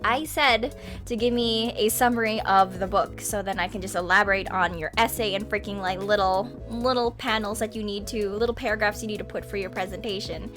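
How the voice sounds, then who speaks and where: A young adult woman telling a story in casual vlog style into a webcam mic, chatty and animated, with frequent laughs and sighs. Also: mid-range voice, a little fast, soft background music. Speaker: vlogger. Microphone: webcam microphone.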